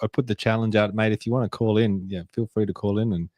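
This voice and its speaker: A man's voice: lowish voice, steady tone, quick pace, a little mellow, no room sound. A man hosting a casual panel talk show, steering the discussion in a conversational way. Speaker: host.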